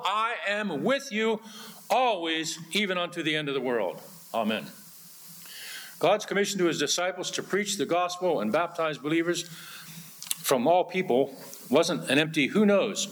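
A man's voice: on the high side, fairly bright tone. A man preaching an earnest sermon, often quoting scripture in old-fashioned wording. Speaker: pastor.

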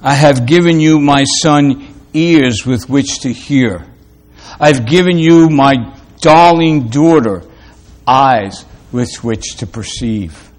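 A calm, fatherly divine voice that speaks low and hushed, as a preacher puts it on. it is tender and unhurried, with long pauses between phrases, and it sounds reassuring and patient. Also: close to an everyday voice. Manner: hushed, soft, slow and tender.

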